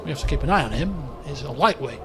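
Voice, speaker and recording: Quick and animated, a man with a slightly high, somewhat bright voice reads story passages and chats offhand in a casual let's-play roleplay. He rambles, often restarts his sentences, and a little hiss or hum sits under the recording.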